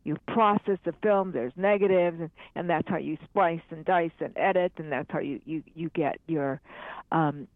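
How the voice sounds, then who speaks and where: A woman's voice: low voice, moderate pace, no room sound. An older woman chatting as a podcast guest, upbeat and talkative, with frequent laughs. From United States. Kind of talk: casual interview chat. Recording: tinny phone line.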